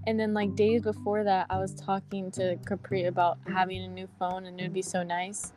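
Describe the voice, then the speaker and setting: A woman's voice: mid-range voice, a little fast. Young woman telling stories over guitar music. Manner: animated storyteller acting out quoted lines. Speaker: podcast co-host. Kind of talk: casual chat. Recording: guitar music playing underneath.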